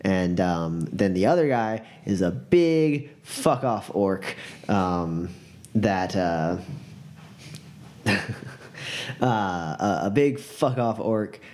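A man narrating a tabletop game as game master, casual and halting with many fillers. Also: fairly low pitch, animated, a little mellow.

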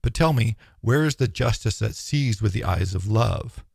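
Gravelly low-voiced male narrator, solemn. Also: animated, darkish tone, no room sound, clean studio sound. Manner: measured, solemn declamation. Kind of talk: audiobook reading of philosophy.

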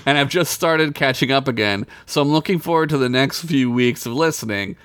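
A man's voice: mid-range voice, animated, fairly quick, fairly bright tone, clear, resonant tone. A man co-hosting a casual podcast, reading listener emails aloud, laughing often and swearing freely. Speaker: podcast co-host. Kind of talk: casual chat.

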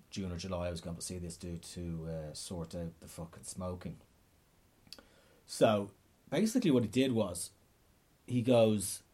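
Husky, low-voiced Dublin man rambling. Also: dark tone. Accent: Irish, Dublin. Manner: rambling, profane, self-interrupting. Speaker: stand-up comedian telling stories. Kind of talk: casual storytelling monologue.

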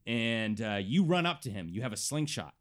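A man narrating as game master of a tabletop game, telling the scene in an animated way and stretching out words. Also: mid-range voice. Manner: animated storytelling, drawn-out words.

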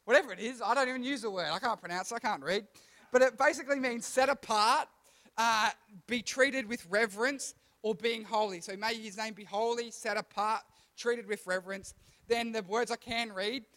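A man's voice: high voice, normal speed, a bit bright. A young man giving a casual, chatty sermon to children, often asking the room questions and laughing at his own slips. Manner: chatty, self-deprecating, stumbles and restarts, asks the room questions. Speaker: youth pastor.

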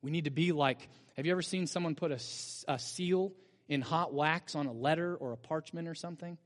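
A man's voice: fairly high pitch, brisk. A male pastor preaching a sermon, telling the story with energy and asking the congregation rhetorical questions. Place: church sanctuary. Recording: long church-hall reverb.

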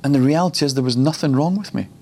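A man's voice: mid-range voice, rapid-fire, a little mellow. A man preaching at a ministry school, personal and reflective, often laughing between points.

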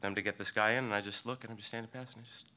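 A man, a local surfer, telling a personal story live on stage, in a vivid, halting way that swings between excited bursts and hushed passages. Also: fairly low pitch. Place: live storytelling event before an audience.

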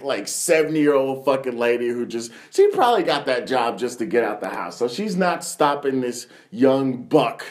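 Un hombre joven en una charla informal de podcast, que divaga con muchas palabrotas y se ríe mientras cuenta anécdotas. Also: male voice, mid-range voice. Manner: profane, rambling storytelling with frequent laughter. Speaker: podcast host. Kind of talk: casual chat.

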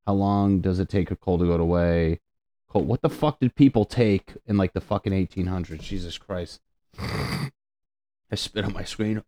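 A man's voice: low voice, a little mellow, dry recording, studio quality. A young adult male comedian in a casual, profane, sarcastic rant, riffing as he reads web pages aloud.

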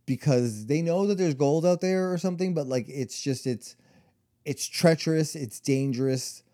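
A man's voice: mid-range voice, warm tone. A man co-hosting a podcast, telling a story in casual chat, rambling with lots of fillers and restarts. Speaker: podcast co-host.

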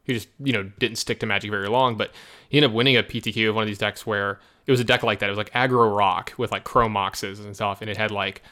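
A man's voice: lowish voice, fast talker. A man chatting casually and telling stories, acting out quotes from others. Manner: animated storyteller, acts out quotes. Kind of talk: casual chat about card games.

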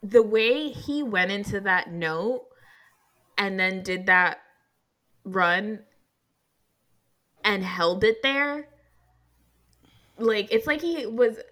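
A woman co-hosting a casual fan chat, talking in an animated, emphatic way. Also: mid-range voice. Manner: animated, emphatic, playfully defensive. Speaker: podcast co-host.

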